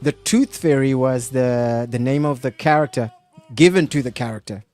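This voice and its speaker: A man hosting a casual live stream, animated and hesitant, laughing often as he talks. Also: medium pitch, normal speed. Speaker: host.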